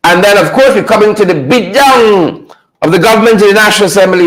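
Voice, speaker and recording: A man hosting a live stream, greeting viewers by name and repeating his phrases with high energy. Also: fast talker, crowd noise, low-quality recording. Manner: repetitive, hypes viewers with shout-outs.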